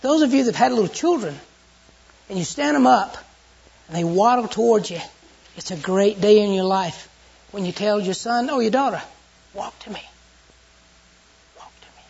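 A preacher with a Southern US accent tells an earnest sermon story, dropping to a hush and then rising again. The voice is husky and mid-pitched. The recording sounds dull and lo-fi. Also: lively intonation, moderate pace. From Southern United States. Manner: storytelling and earnest, with sudden hushed and loud turns.

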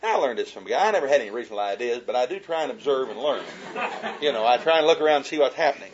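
A man's voice: mid-range voice, expressive, very fast, highs cut off, slight background noise. A man giving a humorous, folksy talk about marriage to an audience, telling stories and chuckling as he goes. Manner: folksy storyteller, chuckling as he talks.

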